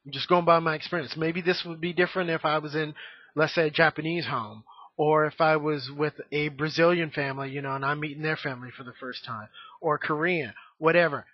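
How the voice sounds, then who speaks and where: A man's voice: on the high side, fairly even intonation, a little fast, no room sound. A man in his thirties talking frankly to his camera in a rambling, casual monologue full of fillers. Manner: rambling, frank, many fillers and "you know". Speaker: vlogger. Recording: dry, dull lo-fi home recording.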